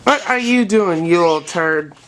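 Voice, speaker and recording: A woman's voice: lowish voice, lively intonation, moderate pace, background noise. A woman at home talking to her pet birds in coaxing pet talk, now and then swearing at them. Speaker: pet bird owner. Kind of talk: casual talk to pets. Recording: loud bird squawks behind. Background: loud squawking birds.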